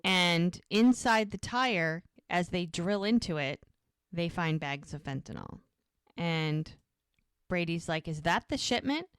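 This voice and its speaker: A podcast co-host with a lowish, clean-toned voice speaks slowly as she recaps a TV episode in casual chat. Retelling scenes, she brings the characters' lines to life with animated voices. The recording is clean studio audio without echo.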